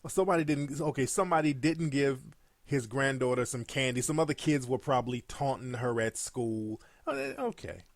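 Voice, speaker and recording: A man's voice: medium pitch, sing-song, normal speed, no echo, studio quality. A man giving blunt, mocking commentary over played clips.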